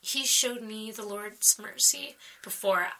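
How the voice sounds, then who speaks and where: A woman sharing a personal faith story in conversation, animated and emotional, laughing often. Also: medium pitch, slow, low-quality recording.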